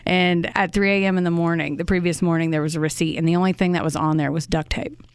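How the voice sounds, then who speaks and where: A fairly low-voiced woman tells a true crime story to her co-host. She talks casually and swears freely when something angers her. The sound is dry and close, with no room around it. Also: fairly even intonation, quick pace, clean tone, no room sound. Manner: conversational, swears freely, indignant asides.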